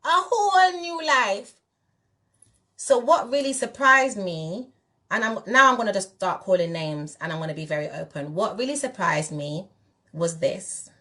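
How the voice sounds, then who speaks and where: A woman's voice: lowish voice, animated, normal speed, pushed and bright. A woman from England, a spiritual teacher talking candidly and emphatically straight to her viewers. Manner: direct, emphatic, addresses viewers as "you lot". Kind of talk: candid monologue to camera.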